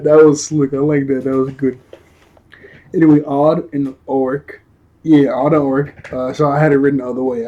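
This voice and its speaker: A man with a fairly high but mellow voice runs through a cartoon episode in a casual review. He talks in loose slang, leans on fillers and keeps breaking into chuckles.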